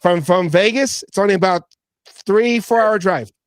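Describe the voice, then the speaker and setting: Male sports-show host, high voice, excitable and stumbling over repeats, dry close mic. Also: moderate pace, no room sound. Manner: animated, stammering and repeating words; mimics others in quoted voices. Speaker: podcast host. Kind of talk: casual sports chat.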